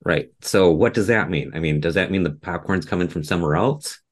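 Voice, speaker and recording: A man's voice: sits low, a little fast. A man from the Midwest, co-hosting a podcast in casual chat, self-deprecating and often restarting his sentences. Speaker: podcast co-host.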